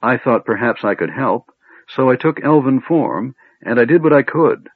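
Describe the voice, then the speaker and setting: A man reading an audiobook voices a female silver dragon in elf form, speaking in a low, grave and passionate way, on a tinny phone-like recording. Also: animated, normal speed, breathy edge, dry recording. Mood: grave, sorrowful. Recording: tinny phone-like band, dry.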